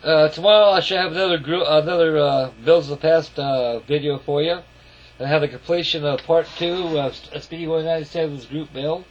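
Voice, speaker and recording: A man's voice: fairly high pitch, steady tone, a little fast. A man casually narrating a walk-around of his scale model, folksy and rambling, calling his viewers folks. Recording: lo-fi camera audio.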